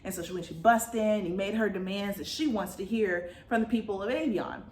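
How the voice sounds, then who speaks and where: A woman's voice: medium pitch, a little fast, a little mellow, roomy sound, slight background noise. A woman vlogger recapping a book in a chatty, slangy way, full of fillers.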